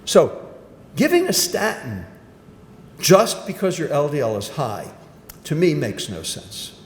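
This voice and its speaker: A man's voice: huge pitch swings, slow pace. An older man giving a medical lecture, emphatic and punchy, often asking and then answering his own questions. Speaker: physician giving a grand rounds lecture. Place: lecture hall. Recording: roomy hall echo with faint rumble.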